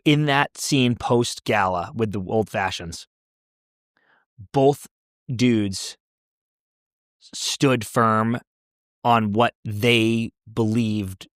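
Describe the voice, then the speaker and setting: A man co-hosting a podcast in casual chat, excitable and swearing, acting out quotes. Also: lowish voice, extremely slow, long pauses, dry recording, clean studio sound. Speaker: podcast co-host.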